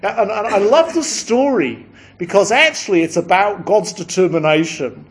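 Man, preacher, slightly high voice, rambling storytelling sermon full of asides. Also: expressive, moderate pace.

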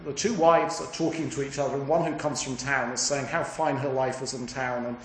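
A man, a priest, retelling a story in a sermon in an animated, chatty way, with many restarts. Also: mid-range voice, fairly quick, a little hiss or hum. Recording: echoey room with faint ambience.

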